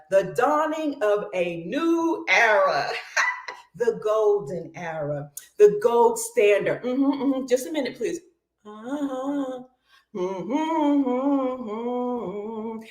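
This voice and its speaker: A woman's voice: fairly high pitch, roomy sound. A woman hosting a casual livestream, exuberant, greeting viewers, breaking into song and laughing often. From Cleveland, Ohio. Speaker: livestream host.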